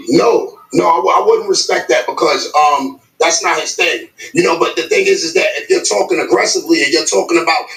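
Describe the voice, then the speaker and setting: Gravelly black guy in a heated podcast argument, kinda high voice, roomy echo. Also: a bit bright. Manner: emphatic, repeats himself, profane. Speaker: podcast co-host. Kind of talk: heated debate.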